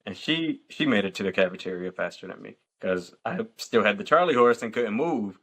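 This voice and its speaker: A man in his thirties hosting a casual podcast chat, telling stories with lively acted-out quotes. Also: lowish voice, brisk, breathy edge. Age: 30s. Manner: animated storyteller acting out quotes. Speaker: podcast host.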